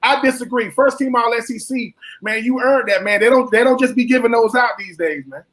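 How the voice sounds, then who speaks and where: A man, a co-host and former college player, asking long, animated questions in casual talk and often repeating himself. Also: extremely high pitch, brisk.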